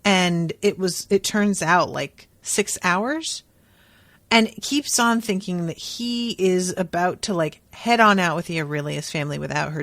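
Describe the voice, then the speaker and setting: Woman, podcast host, casual book chat, slow drawl, lots of fillers, dry close sound. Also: medium pitch, fairly bright tone, no room sound. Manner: chatty, frequent "like" and "um", casual swearing. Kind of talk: casual book recap and commentary.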